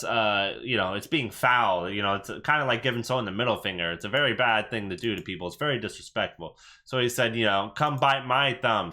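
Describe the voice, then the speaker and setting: A man's voice: mid-range voice, pushed and bright. A young man hosting a reaction video, talking loosely and casually with lots of fillers and restarts.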